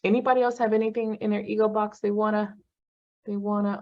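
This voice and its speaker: A woman's voice: mid-range voice, quick pace, lo-fi sound. Blunt, cursing woman leading a class. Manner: blunt, swears freely, animated bursts. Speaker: class facilitator. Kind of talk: casual motivational class talk.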